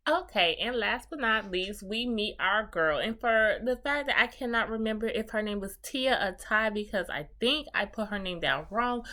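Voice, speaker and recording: A woman giving a sassy, profane, animated recap of a reality TV show. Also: medium pitch, moderate pace, few pauses. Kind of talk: casual recap commentary.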